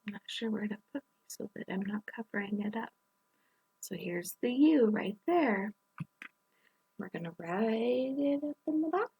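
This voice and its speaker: A woman teaching young children phonics, gently sounding out letters and words and encouraging them as she works through a worksheet. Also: on the high side, animated, normal speed, husky. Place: indoors at a table, camera on her worksheet.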